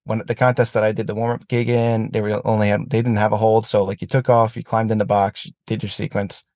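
A man's voice: lowish voice, fast, no echo. A man talking casually about aerobatic flying, swearing freely and ranting when heated. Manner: profane, animated rants. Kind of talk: casual chat.

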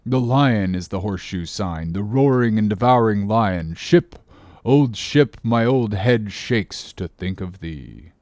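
A man's voice: on the low side, lively intonation, darkish tone, no room sound, clean studio sound. A man doing a brooding old sea captain. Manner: slow, heavy, solemn declaiming. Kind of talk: audiobook character reading.

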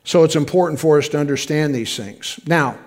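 A man's voice: on the high side, brisk. A middle-aged man preaching a sermon in a folksy, conversational way, with frequent asides to the congregation. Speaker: pastor.

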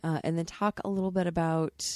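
Lower-pitched chatty woman host. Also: fairly even intonation, brisk, no echo, clean studio sound. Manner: chatty, laughs often while telling anecdotes. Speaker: podcast host. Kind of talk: casual chat.

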